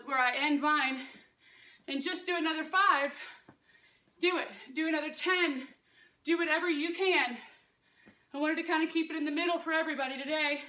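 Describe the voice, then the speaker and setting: A woman's voice: high-pitched, pushed and bright, echoey room, distant mic. A woman in her thirties coaching a home workout, upbeat and encouraging, out of breath. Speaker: fitness instructor. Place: room at home.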